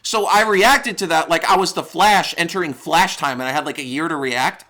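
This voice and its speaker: A man's voice: on the high side, moderate pace, sharp tone. A young man from New York narrating a comedic storytime with profane, exaggerated, rambling humor. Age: young adult. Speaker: YouTuber.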